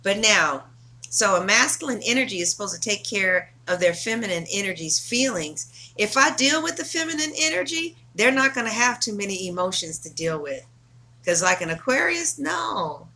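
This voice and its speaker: A woman's voice: mid-range voice, expressive, normal speed, bright, forceful tone. A woman tarot reader talking casually to camera, blunt, emphatic and full of swearing.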